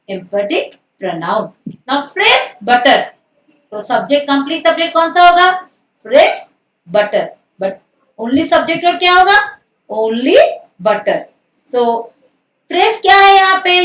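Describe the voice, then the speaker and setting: Indian woman teacher, high voice, a step back from the mic in an echoey room, quizzes and answers herself. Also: fairly bright tone, recorded from a distance. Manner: asks and answers own questions, mixes in Hindi. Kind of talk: grammar lesson.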